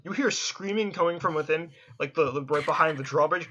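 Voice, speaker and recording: A man's voice: on the high side, fairly quick, few pauses, pushed and bright, muffled recording, slight background noise. A man narrating as game master in a tabletop game, talking casually, swearing freely and restarting often.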